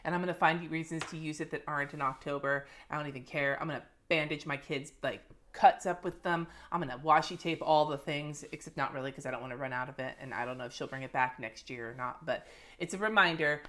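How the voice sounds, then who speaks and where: Low-voiced chatty woman vlogger. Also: a bit bright. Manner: chatty and profane, showing items to the camera. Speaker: planner and lettering vlogger. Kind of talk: casual monthly favorites vlog.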